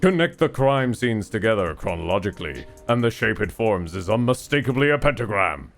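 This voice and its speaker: A man's voice: on the low side, sing-song, fairly quick, gravelly, soft background music. British man reading as pompous fighter detective Carlos. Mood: grandiose.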